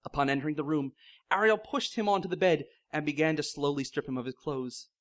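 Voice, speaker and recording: A man's voice: on the high side, brisk, a bit bright. A man reading silly fan fiction aloud in mock-serious narration, often breaking into laughter. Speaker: comedic reader.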